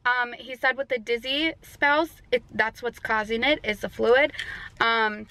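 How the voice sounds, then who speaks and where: A woman's voice: a little high, unhurried, pushed and bright, low-quality recording. A young pregnant woman with an Upper Midwest American accent, chatting casually in a family vlog and using many fillers and likes. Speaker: family vlogger. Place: out and about, car and store.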